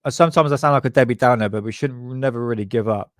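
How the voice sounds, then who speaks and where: An English man hosts a casual livestream chat, rambling and poking fun at himself and others. His voice sits in a middle pitch. The sound is dry and close, with no room around it. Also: fast talker, no echo. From England. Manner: rambling, self-deprecating, sarcastic. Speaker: host.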